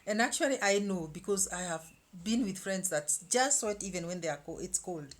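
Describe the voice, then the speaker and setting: A woman in her fifties talking casually to camera as a vlogger, animated, with many repeated words and restarts. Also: mid-range voice, moderate pace. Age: 50s.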